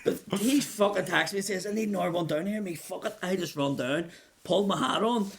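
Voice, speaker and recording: A man's voice: high-pitched, brisk, vocal fry. A man telling profane stories in casual banter, often laughing as he talks. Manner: profane storyteller who laughs through anecdotes.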